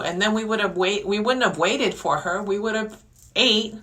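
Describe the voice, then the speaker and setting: A woman's voice: medium pitch, moderate pace, fairly bright tone. A woman hosting a podcast, talking in a frustrated, rambling monologue full of restarts. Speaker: podcast host. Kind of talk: casual venting monologue.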